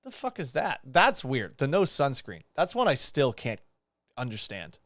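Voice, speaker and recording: A man's voice: medium pitch, wildly swooping pitch, a little slow, fairly bright tone, no echo. Young guy ranting sarcastically on his podcast, swears a lot, voice jumps way up when he's exasperated, dry sound. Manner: sarcastic, mocking, incredulous asides. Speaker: podcast host. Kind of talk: casual commentary.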